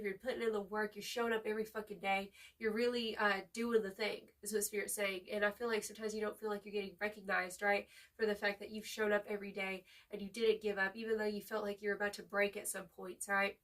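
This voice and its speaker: A woman's voice: medium pitch, fairly bright tone, recorded from a distance. A woman giving a casual, heartfelt tarot reading to viewers, swearing freely and at times close to tears. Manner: casual, swears freely, calls listener boo-boo; emotional, near tears at times. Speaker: tarot reader.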